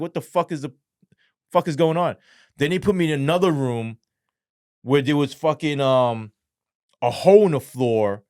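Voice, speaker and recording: A man's voice: on the high side, clean tone, no echo, studio quality. A man telling a story as a podcast guest in a casual, profane, slangy way, rambling with lots of fillers. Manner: animated, acts out quoted voices.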